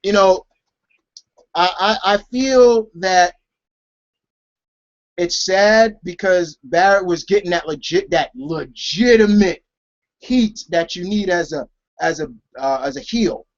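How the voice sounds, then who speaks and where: A man's voice: high voice, slow pace, pauses often. Rambling man, muffled lo-fi recording. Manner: rambling, many restarts and fillers. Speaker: wrestling talk show co-host. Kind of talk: casual chat.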